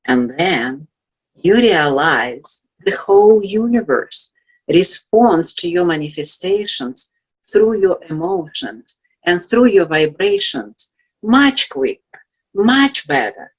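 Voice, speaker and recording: A woman's voice: lowish voice, sing-song, takes it slowly, breathy edge, lo-fi sound. A woman from Russia with a Russian accent, giving an earnest, uplifting motivational talk as a guest speaker. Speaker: guest speaker, life coach.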